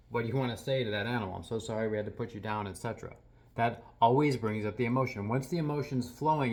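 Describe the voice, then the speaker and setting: Male healing practitioner, soft-spoken and earnest, reflective talk to camera, mid-range voice. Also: mid-range voice. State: a little teary.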